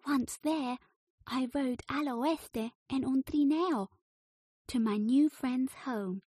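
A woman's voice: high-pitched, slow pace, warm tone, breathy edge, no room sound, studio quality, pitched above the performer's own voice, heavily acted. A woman doing an eager little duck explorer. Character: adventurous young male duck explorer. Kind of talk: children's storybook reading.

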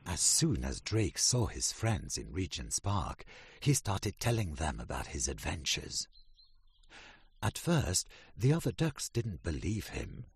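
A man reading a children's picture book aloud in a slow, expressive way, then going through a glossary word by word. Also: sits low, creaky, breathy edge. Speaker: storybook narrator.

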